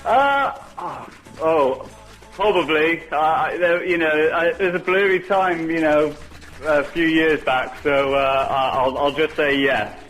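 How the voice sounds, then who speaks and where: A man's voice: on the high side, slow pace, a bit bright. An older man, talking over the phone as a radio guest, rambling and hesitant with lots of "you know". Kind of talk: phone interview. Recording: phone line with faint music.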